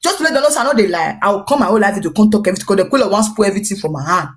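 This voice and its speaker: This woman speaks rapid-fire at a mid-range pitch, her accent Nigerian Pidgin English. A social media personality, she spins a gossipy tale of a dispute, animated and repetitive, wandering off track while voicing everyone else's lines.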